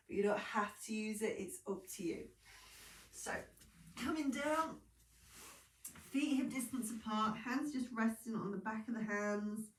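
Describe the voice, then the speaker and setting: A pilates instructor leads a guided exercise class, calm and encouraging with chatty asides, though she sounds sleepy and yawns. Her voice is on the high side, and she's off-mic and distant in an echoey room.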